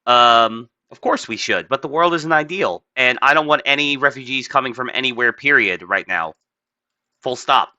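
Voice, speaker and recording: Hosting a casual podcast full of opinions, a man rambles, curses, fills his talk with "like," and laughs frequently. His voice is medium-pitched, pushed and bright, at normal speed. The sound is lo-fi with no echo.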